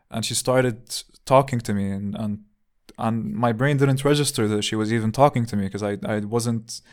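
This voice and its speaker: A man's voice: mid-range voice, darkish tone. A man hosting a podcast, telling a personal story in a candid, reflective way, often repeating words as he thinks. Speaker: podcast host. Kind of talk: casual storytelling monologue.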